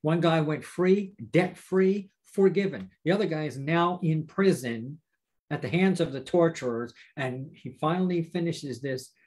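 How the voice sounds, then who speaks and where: A pastor teaching a Bible study to viewers, speaking emphatically and asking rhetorical questions. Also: male voice, on the high side, measured pace. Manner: warm, direct address to viewers.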